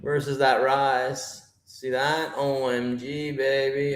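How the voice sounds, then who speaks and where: A man's voice: mid-range voice, level tone, slow pace, reverberant. A man from New York hosting a live trading stream, griping and swearing as he talks to his chat. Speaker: livestream trader host.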